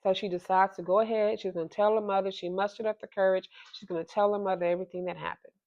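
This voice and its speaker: A woman at home telling a hard personal story in a halting, emotional way, with many restarts. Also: medium pitch, fairly even intonation, a little mellow. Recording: slightly dull lo-fi sound.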